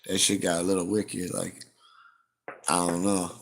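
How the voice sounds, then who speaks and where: A man's voice: low voice, little pitch movement, unhurried. A man, chatting casually to viewers on his livestream, blunt and profane as he rambles through stories. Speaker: livestream host.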